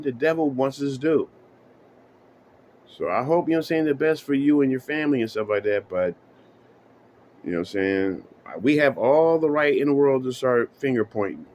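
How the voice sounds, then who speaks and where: A man's voice: medium pitch, a little mellow, slight background noise. Man ranting casually to camera. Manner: profane, emphatic, repeats "you know what I'm saying". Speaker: vlogger.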